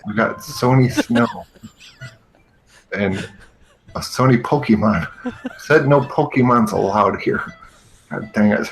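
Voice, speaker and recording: A man hosts a comedy show with a gravelly, low-set voice. He rants slowly and sarcastically, laughing as he goes. Faint music sits under him. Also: rough recording. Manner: sarcastic, exasperated, frequent laughing. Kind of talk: comedic rant, parody commentary.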